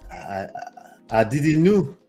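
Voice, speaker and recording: A man's voice: medium pitch, very animated, slow, dark tone, faint music behind. A man hosting a livestream, reading a story aloud and breaking off for chatty asides to his viewers. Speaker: host.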